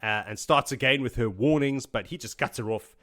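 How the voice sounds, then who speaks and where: A man retelling a fantasy chapter for a podcast audience in an excitable, loose way. He swears freely and laughs along. His voice is bright and forceful at an average pitch. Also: a little fast. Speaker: podcast host. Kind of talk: casual book recap.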